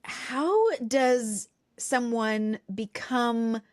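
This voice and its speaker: A woman's voice: a little high, lively intonation, extremely slow, no echo, clean studio sound. Thoughtful woman musing on a podcast. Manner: thoughtful, musing, asks rhetorical questions. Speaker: podcast co-host. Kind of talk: reflective casual chat.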